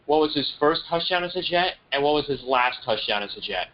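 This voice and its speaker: A man on a casual sports podcast posing a trivia question, speaking haltingly. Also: a little high, animated, muffled recording. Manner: hesitant, halting. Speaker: trivia co-host.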